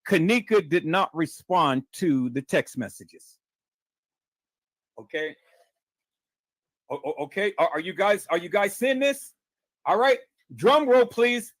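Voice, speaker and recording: Reading a report on his live stream, a high-voiced man keeps pausing to weigh in, speaking slowly and dramatically but animated, his tone a bit bright. He stammers, repeats words, and repeatedly addresses his viewers, all in a dry, close recording with no room sound.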